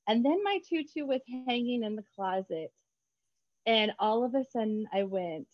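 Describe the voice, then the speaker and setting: A woman children's book author chatting in an interview, bubbly and quick to laugh. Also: fairly high pitch, no room sound, highs cut off. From United States. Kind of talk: casual interview chat.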